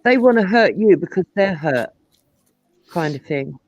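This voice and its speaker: A middle-aged woman with a Cockney accent, hosting a casual live-stream chat, telling animated stories and swearing freely. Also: fairly low pitch, a little slow. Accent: London Cockney. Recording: dull lo-fi stream audio.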